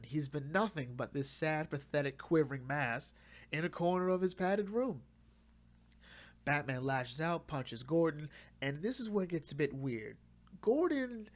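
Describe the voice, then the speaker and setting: A man casually reviewing and recapping a comic run, chatting loosely and acting out the characters' lines. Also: on the high side.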